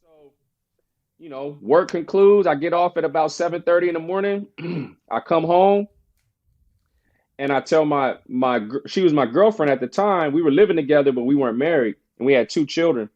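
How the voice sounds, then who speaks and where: A man tells a personal story as a podcast guest, casual and full of slang. He animates the voices of the people he quotes. His voice sits a little high, and the audio is slightly dull and lo-fi. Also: normal speed. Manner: animated storyteller, acts out quoted friends in a higher voice; casual slang, frequent "bro" and "you know".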